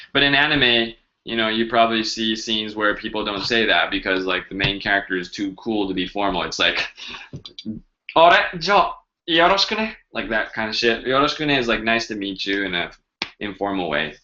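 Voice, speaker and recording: A man's voice: fairly low pitch, fairly quick, bright, forceful tone, dull audio. A man hosting a casual live-stream language lesson, chatty and joking as he answers viewers' questions.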